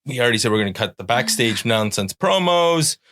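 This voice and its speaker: A middle-aged man from Canada hosts a relaxed podcast, his voice sitting at an ordinary middle pitch. He rambles loosely through the rundown and the show plugs and jokes with his guest. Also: fairly quick. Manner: rambling plugs, playful sound-effect buzzers. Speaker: podcast host. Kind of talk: casual podcast chat.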